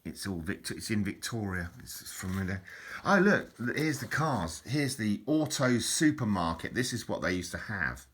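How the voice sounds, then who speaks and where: A man's voice: low-pitched, lively intonation, moderate pace, hardly any pauses, breathy edge. An older man rambling through old keepsakes, chuckling often and tagging lines with "innit" and "mate". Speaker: vlogger. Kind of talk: rambling reminiscence over keepsakes.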